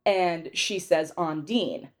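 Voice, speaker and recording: Speaking slowly in a lowish voice, a young podcast host chats casually through a movie recap. She rambles, using plenty of fillers and giggling often.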